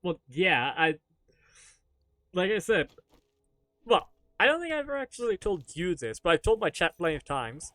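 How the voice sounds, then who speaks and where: A male streamer talking casually to his viewers as he plays, rambling from one joke to the next with the odd offhand curse. His voice sits a little high for a man, and the sound is close and dry, with no room around it. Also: sing-song, normal speed, pauses often, a bit bright, no echo. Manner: rambling, joking, swears casually. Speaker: live streamer. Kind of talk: casual live-stream chat while gaming.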